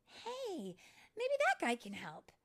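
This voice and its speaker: A woman voicing an eager young female fairy in a read-aloud storybook, pitched high and pleading. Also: wildly swooping pitch, slow pace, full character voice.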